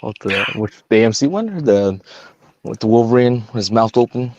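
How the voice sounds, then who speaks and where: A man co-hosting a casual podcast chat, speaking haltingly with many fillers. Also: mid-range voice, expressive, darkish tone, no echo, muffled recording. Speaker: podcast co-host.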